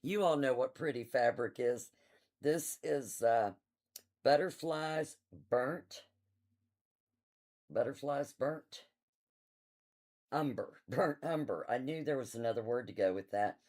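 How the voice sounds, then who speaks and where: Chatty woman hosting a slow, easygoing shop livestream. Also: extremely low pitch. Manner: chatty, enthusiastic, laughs often, reads out item numbers. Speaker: quilt shop host. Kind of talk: casual live-stream sales chat. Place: quilt shop.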